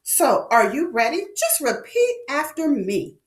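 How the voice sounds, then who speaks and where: A woman teaching young children phonics, sounding out vowels slowly and with exaggeration, sing-song and encouraging. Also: high voice, very animated, reverberant.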